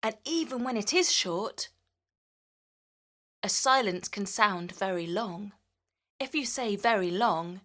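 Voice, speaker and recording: A woman's voice: mid-range voice, expressive, fairly bright tone. A woman reads a children's story aloud, taking her time over each line. She plays with her words, stretching and bending them to act out the sounds she describes. Her voice sits in a middle register. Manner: slow, playful, shapes words to mimic sounds.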